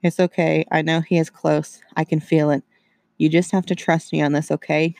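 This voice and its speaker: A man's voice: fairly high pitch, level tone, moderate pace, gravelly, a little mellow, no echo, studio quality. A man reading aloud and voicing a worried middle-aged mother who pleads for her missing son. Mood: remorseful.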